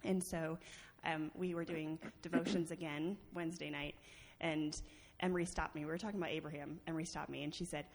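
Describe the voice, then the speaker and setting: In a large church sanctuary with long reverb, a woman with a low voice tells the congregation her personal testimony. She speaks a little fast with few pauses and fairly even intonation, keeping it chatty with frequent laughs and many fillers.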